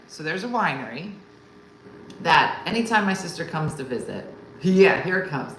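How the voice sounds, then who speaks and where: A middle-aged woman comedian hosting online and telling a story in a rambling, animated way, with constant asides to her audience. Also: sits low, normal speed, echoey room, slight background noise, poor audio. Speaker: comedian and host. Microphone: video call.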